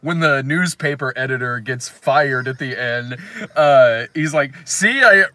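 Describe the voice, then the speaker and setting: Bright-voiced male film reviewer. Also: mid-range voice, unhurried, dry recording. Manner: animated, swearing, imitates characters. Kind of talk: casual chat.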